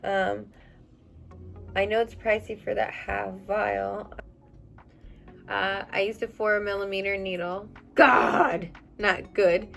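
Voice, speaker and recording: A young woman answers viewer questions in a casual, chatty vlog, blunt and animated, with a lot of fillers. Her voice has a gravelly fry running through it. Faint music plays in the background. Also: medium pitch, takes it slowly, pauses often. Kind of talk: casual chat.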